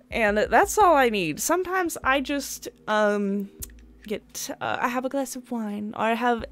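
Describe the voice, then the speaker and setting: A woman's voice: fairly high pitch, a bit bright. A young woman streaming a dating game, rambling chattily between dialogue lines, laughing and swearing often. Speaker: gaming streamer. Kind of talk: let's play commentary.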